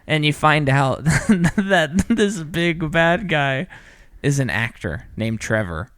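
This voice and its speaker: Animated podcast man acting out quotes. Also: mid-range voice, a little slow, clean tone, no echo, clean studio sound. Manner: animated, acts out quotes in put-on voices. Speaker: podcast co-host. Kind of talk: casual chat.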